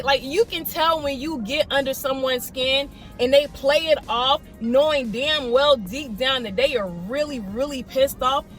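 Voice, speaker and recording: High-voiced woman telling a lively story. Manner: animated storytelling, mimics others in quotes. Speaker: vlogger. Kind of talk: storytime vlog.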